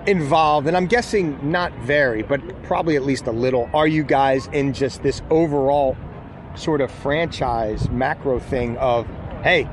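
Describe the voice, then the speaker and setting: A man's voice: medium pitch, measured pace, slight background noise. A man interviewing a football player outdoors at training camp, asking questions in a conversational way. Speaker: sports reporter.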